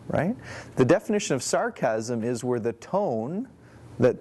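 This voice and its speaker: A man's voice: mid-range voice, dark tone. A man who works as a trainer and executive coach, explaining a point in a conversational way and telling anecdotes. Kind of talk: training presentation.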